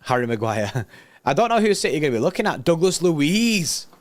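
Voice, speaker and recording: Excitable slangy young man. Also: fairly high pitch, brisk, dry recording. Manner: excitable, slangy, reads news aloud and riffs. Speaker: football livestream host. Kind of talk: casual livestream chat reacting to news.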